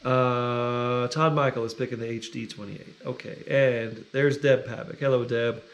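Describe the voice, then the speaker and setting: A man's voice: medium pitch, fairly even intonation, unhurried, lo-fi sound. A middle-aged man hosting a music livestream, chatting casually and greeting viewers by name. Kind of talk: casual chat reading viewer comments.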